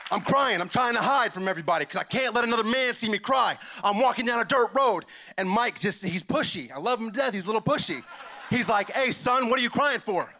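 A man giving an impassioned testimony at church, emphatic and repeating lines as he builds to shouts. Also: high-pitched, animated, fast, a faint crowd.

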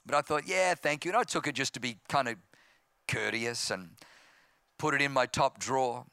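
A man's voice: medium pitch, moderate pace, creaky, dry recording, clean studio sound. An Australian man in his fifties, a pastor telling his testimony in a sermon, acting out voices and growing impassioned. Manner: storytelling, acting out voices, grows loud and impassioned.

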